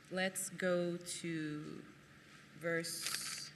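A preacher giving a sermon and reading scripture aloud. The preacher talks in an animated way, laughs often, and acts out quotes in other voices. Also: medium pitch, very slow, big-room sound, slight background noise.

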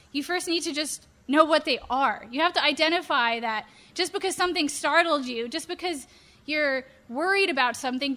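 A young woman preaching to a youth group, animated and playful, acting out examples. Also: high voice. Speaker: youth pastor.

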